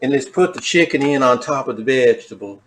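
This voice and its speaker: A man doing an impression of a demonic woman from a TV drama, drawing out each word slowly and deliberately in a home kitchen. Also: medium pitch, lively intonation, background noise, lightly acted. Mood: slow, eerie. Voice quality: drawn-out, slow, measured delivery.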